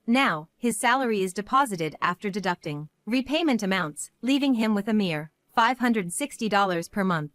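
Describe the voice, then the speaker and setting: A woman in her thirties telling a first-person family drama story in a steady, matter-of-fact way. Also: medium pitch, normal speed, hardly any pauses, no echo. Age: 30s. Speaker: narrator.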